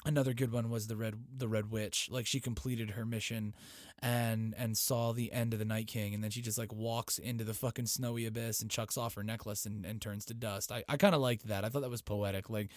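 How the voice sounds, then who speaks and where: Excitable, foul-mouthed man recapping. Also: on the low side, brisk, dry recording, clean studio sound. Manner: excitable, heavy swearing. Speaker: TV episode recapper. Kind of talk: casual profane recap.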